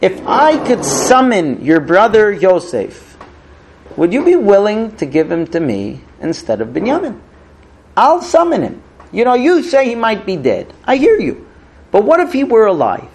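A man's voice: high voice, wildly swooping pitch, moderate pace, darkish tone, voice pushed up, full character voice. A man voicing Yosef, a powerful ruler bargaining with his brothers, in a casual conversational way with fillers. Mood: coaxing.

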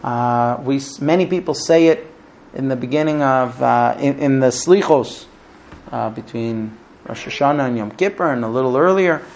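A man giving a Talmud class, telling stories with vivid, animated intonation and conversational fillers. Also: medium pitch, moderate pace, a little hiss or hum. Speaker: Torah teacher.

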